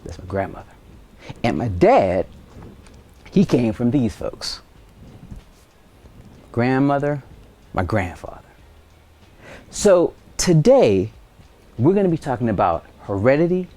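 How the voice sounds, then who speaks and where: A middle-aged man teaching a high school science lesson on TV in a casual, joking, conversational way. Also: mellow. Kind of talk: televised classroom lesson.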